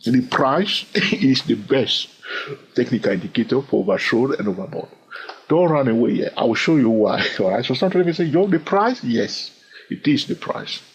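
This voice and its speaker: A man teaching trading in an animated way. He often fills pauses with "okay" and "all right" and repeats phrases as he thinks aloud. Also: mid-range voice, a little hiss or hum, low-quality recording. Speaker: trading educator. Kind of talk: instructional talk to camera.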